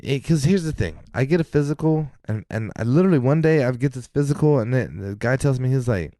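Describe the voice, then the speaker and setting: Lively, animated storytelling man. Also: mid-range voice, a little fast, no room sound, studio quality. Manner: animated storyteller, swears freely, laughs often. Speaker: podcast co-host. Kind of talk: casual chat. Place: podcast studio.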